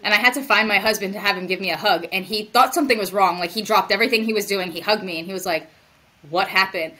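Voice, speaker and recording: A woman's voice: medium pitch, rapid-fire, pushed and bright. A woman co-hosting a podcast, telling stories in casual chat and acting out the quotes. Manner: storytelling, acts out quotes. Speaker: podcast co-host.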